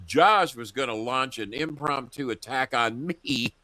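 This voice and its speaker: A man hosting a talk show, telling profane political stories in a lively, animated way. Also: medium pitch, a little slow, no echo, studio quality. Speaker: show host. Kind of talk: casual political chat. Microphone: earpiece headset.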